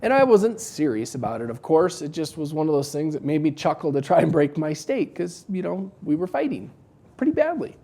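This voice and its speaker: A man's voice: on the high side, brisk, vocal fry. Wry man giving joking business advice. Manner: wry, joking, animated storytelling. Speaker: business coach for dental practices. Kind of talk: casual advice talk to camera.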